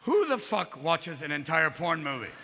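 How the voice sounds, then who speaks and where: A man performing live stand-up comedy with manic energy, jumping between voices and bursts of shouting. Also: on the high side, big pitch swings, normal speed, vocal fry. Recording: live hall reverb, crowd noise. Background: audience laughter.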